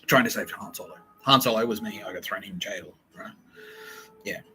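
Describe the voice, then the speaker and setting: A young man hosting a podcast, rambling through a profane, excitable solo monologue that jumps from idea to idea. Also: fairly low pitch, faint music behind, low-quality recording. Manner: profane, excitable, fast-shifting and digressive. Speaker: podcast host.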